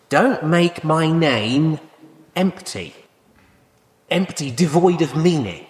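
A man preaching a sermon in a conversational way, often asking rhetorical questions. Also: a little high. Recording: echoey hall with long reverb.

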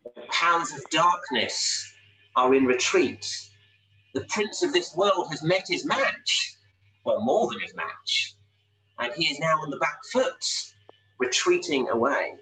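Bright-voiced preacher, a bit off-mic. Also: male voice, mid-range voice, recorded from a distance, low-quality recording. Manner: expository, rhetorical tag questions. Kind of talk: sermon. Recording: voice a little off-mic, faint hum.

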